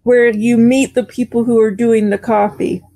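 A woman with a slightly high, gravelly voice co-hosts a casual podcast, cracking jokes and chiming in with agreement. Her tone is mellow and dark, and the sound is close and dry, with no room echo. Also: flat delivery, moderate pace. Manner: joking, with frequent agreeing murmurs. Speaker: podcast co-host. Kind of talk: casual chat.

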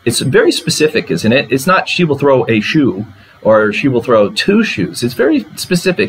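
A man's voice: medium pitch, very animated, moderate pace, slightly rough, low-quality recording. A man lecturing on a poem, talking through it line by line and asking the class rhetorical questions. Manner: conversational, asks rhetorical questions. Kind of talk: literature lecture.

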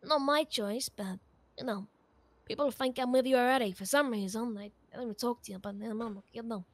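A woman's voice: fairly high pitch, fairly quick. A woman playing a character in a game roleplay, talking in a hesitant way, repeating words and trailing off. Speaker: roleplay player.

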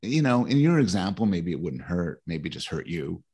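A man's voice: sits low, sing-song, moderate pace, darkish tone, husky. A middle-aged man explaining his ideas in conversation, thoughtful and prone to stammering restarts. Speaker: guest author.

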